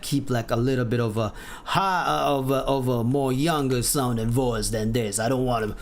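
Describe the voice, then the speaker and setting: A man streaming a game live, chatting casually in a rambling way, correcting himself and laughing at himself. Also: medium pitch.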